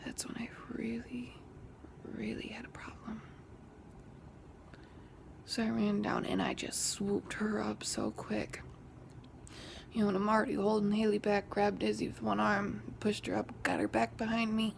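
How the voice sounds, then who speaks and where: A woman's voice: mid-range voice, flat delivery, measured pace, pauses often, slight background noise. A young woman vlogger telling a story in a casual way, often half-whispering. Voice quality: gravelly fry. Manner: whispery, hushed retelling that rises when quoting an argument.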